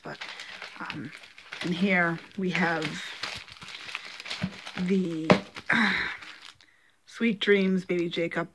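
A woman doing a casual unboxing vlog, speaking gently and haltingly with many fillers, emotional and holding back tears. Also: mid-range voice, noisy background. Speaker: doll collector vlogger.

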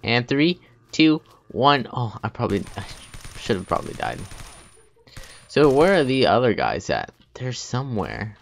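A man giving let's play commentary, muttering and humming to himself as he plays, with sudden loud excited outbursts. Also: mid-range voice, a little slow, creaky. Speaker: gaming video host.

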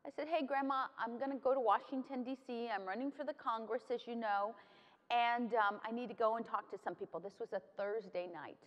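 A middle-aged woman with a high voice gives a personal speech. She opens a policy panel and tells a family story, now and then slipping into Spanish phrases. Her voice carries a long reverb from a large conference hall. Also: fairly even intonation, brisk, lo-fi sound. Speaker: congresswoman moderating a policy panel.

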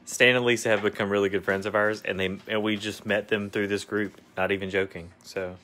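A man's voice: on the low side, little pitch movement, a little fast, sharp tone. A man co-hosting a casual craft livestream, reading viewer comments aloud and joking along.

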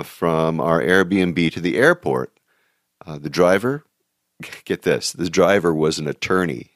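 A man with a deep, low voice tells travel stories as a show host. He talks casually, full of fillers and chuckling at his own anecdotes. The sound is close and dry, with no room echo.

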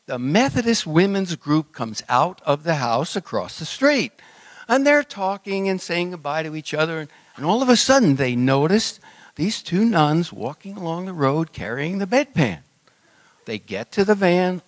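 A man telling a joke to a church congregation, lively with small restarts. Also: on the high side, no room sound.

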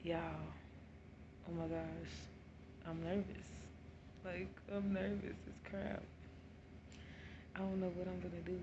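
A young woman vlogging casually while in early labor, chatty and excited, slangy and laughing often. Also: lowish voice, vocal fry, dull audio. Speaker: mom vlogger. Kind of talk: casual vlog to camera. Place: home, then hospital room. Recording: noisy phone recording.

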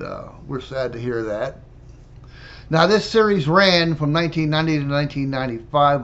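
A man's voice: medium pitch, fairly bright tone, muffled recording. A man introducing video clips in a casual, hesitant way with frequent "uh" fillers. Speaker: channel host introducing clips.

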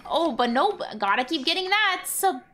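High, bright-voiced young woman streamer. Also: very animated, moderate pace. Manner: exasperated, swearing, venting at the game. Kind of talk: live gameplay commentary.

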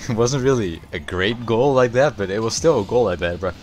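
A young man commentating his own gameplay, excitable and foul-mouthed, shouting at big plays and griping about teammates. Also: lowish voice, brisk, slight background noise. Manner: excitable, swears often, yells at big plays. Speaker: gaming YouTuber.

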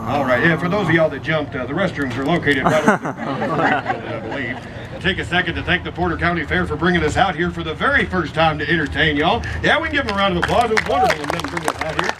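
A man's voice: a little high, fast talker. A man with a Texan accent announcing a live western comedy show, joking with the crowd in a folksy way. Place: outdoor fair stage. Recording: outdoor PA with crowd noise.

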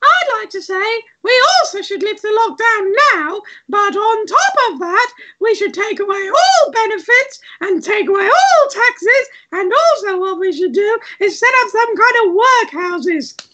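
Woman playing a shrill zealous toy frog, high and extreme. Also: animated, unhurried, pushed and bright, heavily acted. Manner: shrill, extreme, mock-earnest. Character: shrill greedy right-wing plush frog toy.

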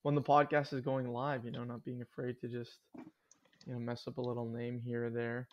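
A man's voice: mid-range voice, monotone, fairly quick, highs cut off, background noise. A young man co-hosting a podcast in casual chat, laid-back and joking, with slangy asides. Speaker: podcast co-host.

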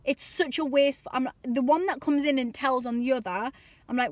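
Chatty mum vlogging, dry sound. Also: female voice, sits high, normal speed, no room sound. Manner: chatty, exasperated, acts out voices. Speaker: parenting vlogger. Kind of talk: casual comic monologue to camera.

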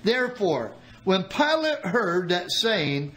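A man preaching a sermon, reading scripture aloud and explaining it with dramatic pauses. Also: sits high, sing-song, a bit bright, faint music behind, rough recording. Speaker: pastor.

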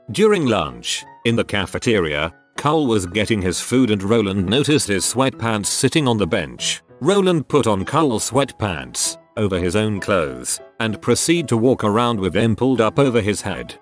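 A man with a lowish voice reads out short stories as scripted narration, keeping an even, matter-of-fact delivery. Soft music plays faintly underneath.

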